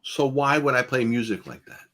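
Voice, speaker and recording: With a mid-range voice and a slightly quick pace, a man teaches a guitar master class casually and conversationally. He drives points home by repeating himself and moves back and forth between loud and quiet delivery.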